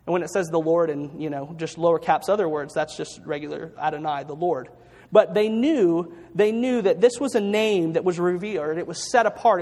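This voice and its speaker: A man's voice: sits high, a little mellow. A man preaching a sermon in an earnest way, often repeating words as he reads scripture aloud. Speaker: pastor. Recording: long hall reverb.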